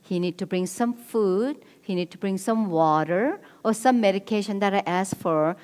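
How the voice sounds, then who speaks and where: A woman's voice: medium pitch, normal speed, a little mellow, smooth. A middle-aged woman speaking at a church marriage seminar, earnest and coaching, repeating her key points. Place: church hall. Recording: long reverb of a church hall.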